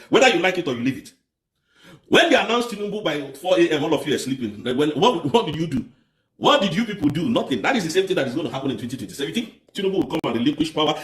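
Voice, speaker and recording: In an echoey room, a man with a Nigerian accent and a voice on the high side delivers an impassioned political livestream as a commentator. He is fiery and repetitive, firing off rhetorical questions.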